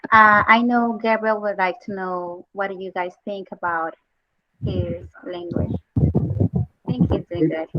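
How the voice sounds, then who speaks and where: A woman's voice: mid-range voice, steady tone, unhurried. A woman moderating a video call as a teacher, polite and encouraging. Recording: muffled video call audio, faint hiss.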